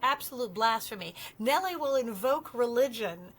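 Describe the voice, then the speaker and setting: A woman co-hosting a podcast in casual chat, telling animated behind-the-scenes stories and acting out loud quotes. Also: fairly high pitch, moderate pace. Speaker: podcast co-host, former cast member.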